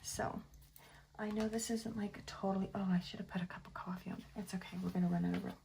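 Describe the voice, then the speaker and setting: Chatty woman with a gravelly edge. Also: mid-range voice, steady tone, fast talker, darkish tone, slight background noise, poor audio. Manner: rambling, half-whispered asides, coos baby talk at her cat. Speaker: planner vlogger. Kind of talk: casual chatty voice-over while crafting.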